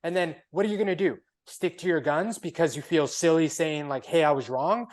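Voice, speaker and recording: A man's voice: on the high side, brisk. A man co-hosting a casual podcast chat, laid-back but emphatic, peppering his talk with "like" and "man". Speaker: podcast co-host.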